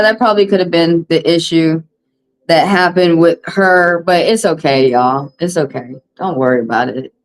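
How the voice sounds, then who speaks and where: A woman's voice: on the low side, rough recording. A woman with a Southern US accent, a tarot reader venting bluntly and heatedly to her livestream viewers on a phone mic, repeating her points.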